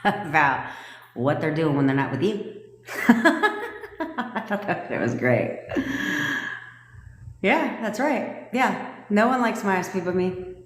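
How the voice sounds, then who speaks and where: A woman's voice: fairly low pitch, very animated, slow, pauses often. A woman manifestation coach talking casually on a livestream, blunt and profane and laughing often. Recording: echoey room with long reverb.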